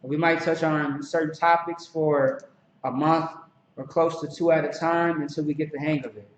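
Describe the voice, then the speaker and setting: Man, casual class teacher, relaxed halting delivery, somewhat high voice, distant echoey lo-fi recording. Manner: relaxed, halting, many fillers and restarts. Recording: echoey, distant, dull lo-fi recording with some noise.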